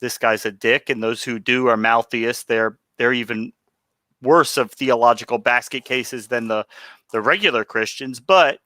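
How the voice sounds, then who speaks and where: A man's voice: medium pitch, moderate pace, pushed and bright, no room sound. A man co-hosting a casual podcast chat, sarcastic and argumentative. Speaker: podcast co-host.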